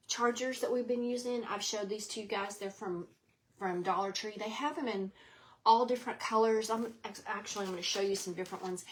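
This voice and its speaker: Middle-aged woman, craft live-stream host, rambling and chatty, a touch breathless, voice sitting a bit high. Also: fairly bright tone, a little hiss or hum. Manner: chatty, rambling, greets viewers by name. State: slightly out of breath.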